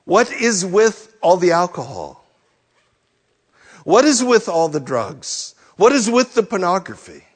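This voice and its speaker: Slow, deliberate man preaching in a hall. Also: sing-song, breathy edge. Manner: rhetorical, repeated searching questions, trailing off low at phrase ends. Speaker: pastor. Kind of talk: sermon.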